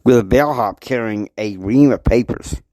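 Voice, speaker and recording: A man telling a long improvised story in a loose, halting way, full of "you know" fillers. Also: on the low side, mellow, dry recording.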